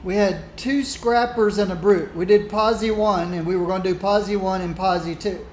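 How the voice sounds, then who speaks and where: Chatty high-voiced gaming streamer man. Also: fairly even intonation, moderate pace, a little mellow, roomy sound, slight background noise. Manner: chatty, rambling, laughs often. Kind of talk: casual gameplay commentary.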